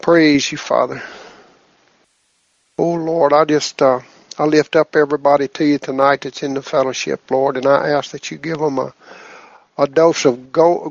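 A man leads prayer over a phone conference line, his voice a little higher than most men's. He speaks earnestly and keeps returning to "Lord" between phrases. The sound is dull and lo-fi, and dry, with no room echo. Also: vocal fry. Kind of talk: leading spoken prayer on a conference call. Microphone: phone on a conference call.

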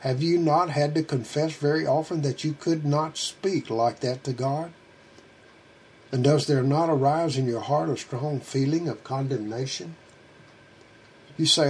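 A man's voice: fairly high pitch, measured pace, slight background noise. A middle-aged man preaching a sermon, earnest and pleading, asking his listeners question after question.

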